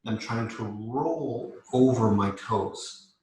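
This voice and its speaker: A man leading a live mobility class as yoga instructor, calmly cueing each step while demonstrating. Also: mid-range voice, slow pace. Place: yoga studio. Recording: echoey room.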